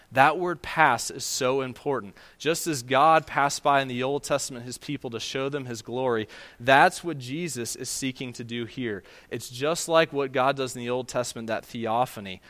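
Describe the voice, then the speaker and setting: A man preaching a sermon as a pastor, talking expressively, with quick asides and sentences that fall quiet for emphasis. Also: mid-range voice.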